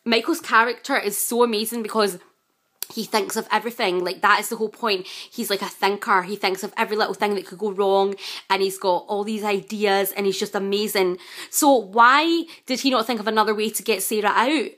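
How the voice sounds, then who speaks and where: A woman chatting casually as a vlogger reviewing a TV series, excitable and gushing, with frequent fillers and exasperated outbursts. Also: medium pitch, brisk. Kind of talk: casual chat.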